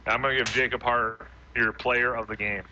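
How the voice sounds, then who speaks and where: A man co-hosting a post-game radio show, breaking down the game in a measured way and often restarting his sentences. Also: mid-range voice, level tone, sharp tone, dull audio, slight background noise. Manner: thinks aloud, frequent restarts, measured. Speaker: radio football co-host and analyst.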